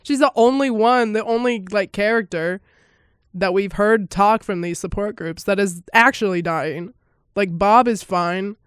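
A woman's voice: medium pitch, a little slow, smooth, no room sound. Giggly, chatty woman with a dry close sound. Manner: chatty and giggly, often laughing mid-sentence; excitable, exclaiming in surprise. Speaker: podcast host. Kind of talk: casual podcast film reaction.

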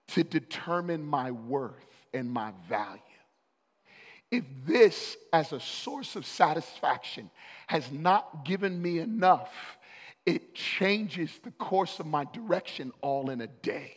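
High-voiced preaching pastor in an echoing hall. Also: male voice, animated, unhurried, breathy edge. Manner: preaching, building to loud urgent peaks. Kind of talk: sermon.

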